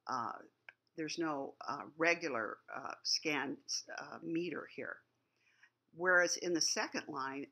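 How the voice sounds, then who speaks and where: A woman's voice: deep voice, bright, forceful tone. A woman teacher giving a lecture on poetry, explaining things patiently and thinking aloud as she goes.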